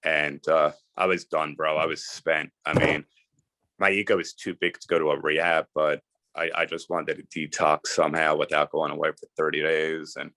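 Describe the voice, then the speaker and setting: A man's voice: rumbling low, flat delivery, normal speed, pushed and bright, no echo. A middle-aged man from New Jersey, a guest telling his life story in earnest, emphatic, casual talk. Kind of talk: candid storytelling interview.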